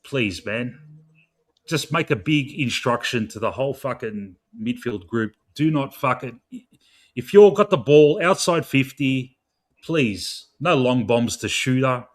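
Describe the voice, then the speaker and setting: An Australian man in his young adult years rants through a football match preview, exasperated and swearing at every turn. His pitch sits at a middling level as he pleads straight to the coach. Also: lively intonation, a little slow. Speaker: football fan podcaster.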